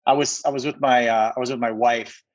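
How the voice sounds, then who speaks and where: A middle-aged man from Minneapolis, an entrepreneur on a podcast, tells a personal story in an earnest, emphatic way, circling back and restarting his sentences. His voice sits at an ordinary middle pitch. The recording sounds a little dull and muffled. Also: fairly even intonation, a little fast. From Minneapolis, USA.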